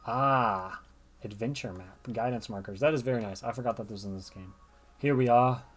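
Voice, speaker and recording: A man's voice: mid-range voice, moderate pace, soft background music. A man giving chatty gameplay commentary, thinking aloud as he plays. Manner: chatty, thinks aloud, reads game dialogue. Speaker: gamer.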